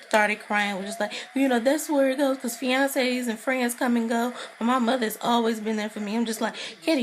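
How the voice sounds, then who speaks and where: Chatty opinionated woman recapping TV. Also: medium pitch. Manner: chatty and opinionated, acting out quotes with filler "you know". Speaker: TV recap vlogger. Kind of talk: casual spoken TV episode recap.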